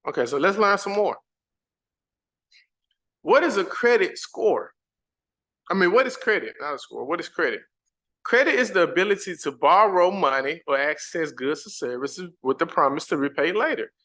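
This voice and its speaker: A man's voice: a little high, animated, moderate pace, sharp tone. A man teaching a casual live-stream lesson, reading slides aloud and repeating key points emphatically to his viewers. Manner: casual, chatty asides to the audience. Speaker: credit repair educator.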